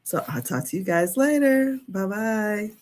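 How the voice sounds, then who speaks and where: A woman's voice: mid-range voice, lively intonation, unhurried, darkish tone. A woman in her fifties hosting a casual live stream, chatty and candid, laughing often as she talks. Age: 50s. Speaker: podcast host.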